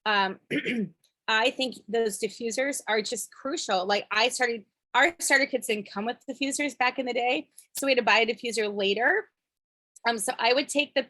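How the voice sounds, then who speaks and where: Enthusiastic woman with a slightly high voice. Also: fairly bright tone. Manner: casual and enthusiastic, sharing tips with fillers. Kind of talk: casual podcast chat.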